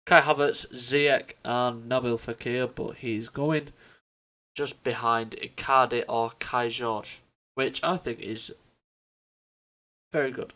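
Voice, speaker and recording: A man's voice: mid-range voice, steady tone, takes it slowly, bright, forceful tone. Chatty man commentating gameplay. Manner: chatty, self-correcting, stumbles over names. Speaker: gaming YouTuber.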